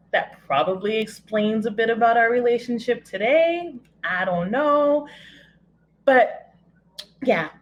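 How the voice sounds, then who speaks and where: A woman telling a personal story to an audience from home, candid and wry, with self-mocking humor and hesitant pauses. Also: mid-range voice, low-quality recording.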